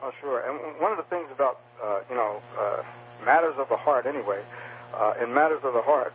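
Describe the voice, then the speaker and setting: A male author being interviewed about his book speaks hesitantly, with frequent fillers and restarts. His voice is mid-range, and the audio is dull with a little hiss or hum.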